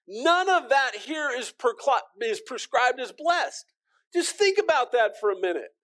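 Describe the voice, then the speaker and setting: A man preaching a sermon, earnest and direct with the congregation, often repeating words and swinging from emphatic peaks to soft, quiet lines. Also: very high voice, big pitch swings, measured pace. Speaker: pastor.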